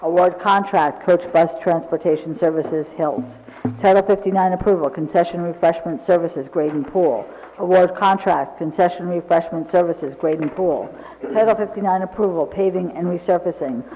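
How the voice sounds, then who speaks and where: A high-pitched man with a mellow tone, reading ordinance titles as a council clerk in a brisk, formal way. The sound is dull, with a long echo from the chamber. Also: slight background noise. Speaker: village clerk. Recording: dull recording in a large reverberant council chamber.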